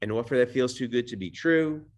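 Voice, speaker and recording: A man's voice: medium pitch, brisk. A man teaching a live training session to an audience in a conversational way. He often checks in with the room and corrects himself as he goes. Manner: self-correcting, restarts sentences. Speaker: real estate training instructor.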